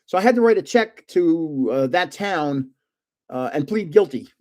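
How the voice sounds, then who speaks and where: An older man hosts a relaxed live stream. His voice sits a little higher than most men's. He rambles through stories and chuckles often as he talks. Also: a little slow. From North Jersey, United States. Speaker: livestream host. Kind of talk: casual live-stream chat and storytelling.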